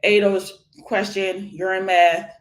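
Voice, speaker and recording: A woman from Philadelphia in her forties, an education nonprofit founder giving an energetic, animated interview and laughing often. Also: mid-range voice, slow. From Philadelphia, USA. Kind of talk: conversational interview. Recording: echoey room.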